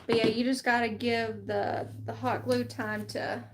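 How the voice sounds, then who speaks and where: Southern woman, craft-stream host, easygoing step-by-step talk, slightly high voice. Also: level tone, unhurried, a little hiss or hum. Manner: easygoing, explains steps while working. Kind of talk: casual crafting livestream chat.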